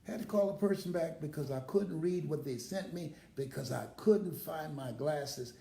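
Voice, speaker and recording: A man's voice: on the high side, normal speed, creaky, mellow, reverberant. An older man, a motivational speaker, telling personal stories in a casual live stream and laughing heartily as he talks.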